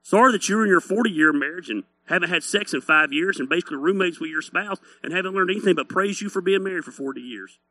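Animated male pastor preaching, high voice, very bright, dry sound. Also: quick pace, few pauses, no echo. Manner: blunt, teasing, animated preaching. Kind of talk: sermon.

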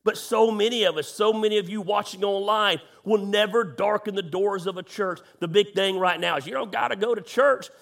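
Impassioned high-voiced man preaching. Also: creaky. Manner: impassioned, emphatic with sudden slowed lines and shouts. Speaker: pastor. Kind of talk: sermon.

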